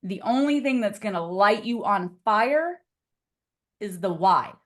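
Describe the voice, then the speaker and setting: A woman coaching real estate agents in a live online class over a video call, talking in an energetic, chatty way full of "like" and "okay?". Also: mid-range voice, unhurried.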